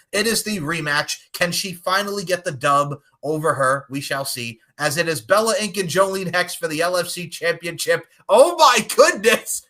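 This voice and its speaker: Male podcast host, bright tense tone, loud joking hype man. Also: a little high. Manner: hyped, jokey, bursts of shouting. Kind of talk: excited podcast chat.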